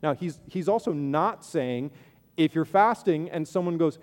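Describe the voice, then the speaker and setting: A man's voice: fairly high pitch, animated, unhurried, darkish tone, big-room sound. A man preaching a sermon as pastor, conversational, with playful asides and acted-out voices of the people he describes.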